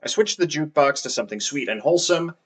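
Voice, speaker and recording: A man's voice: on the high side, expressive, quick pace, husky. Wry self-mocking male game narrator. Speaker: let's play narrator.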